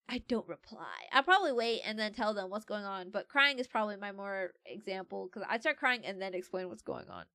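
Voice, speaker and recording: A woman's voice: a little high, pushed and bright, no echo, studio quality. A young adult woman streamer in casual livestream chat, playfully reading quiz questions aloud and joking about them.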